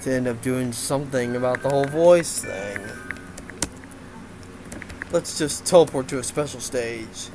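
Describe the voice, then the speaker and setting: A man's voice: medium pitch, unhurried, long pauses, music in the background, rough recording. A man giving a casual game development update, rambling with lots of fillers and frequent laughs.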